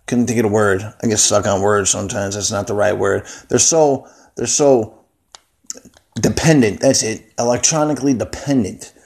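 A man's voice: on the low side, fairly even intonation, moderate pace, a little mellow, husky. A man ranting angrily and off the cuff at home, swearing constantly and rambling into his phone. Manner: angry, heavily profane, rambling. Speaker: vlogger. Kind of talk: unscripted profane rant. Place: indoors at home, seated.

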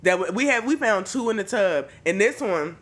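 Animated, bright-voiced man telling stories. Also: high-pitched, normal speed. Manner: animated, profane storytelling. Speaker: podcast host. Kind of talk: casual chat.

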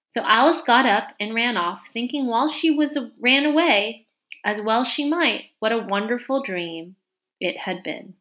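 A woman reading a classic storybook aloud in an expressive, animated narration. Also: on the high side, unhurried.

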